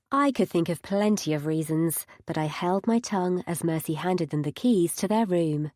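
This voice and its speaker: A woman's voice: lowish voice, moderate pace, few pauses, a little mellow, no echo. A woman narrating a first-person audiobook with wry, dry humour.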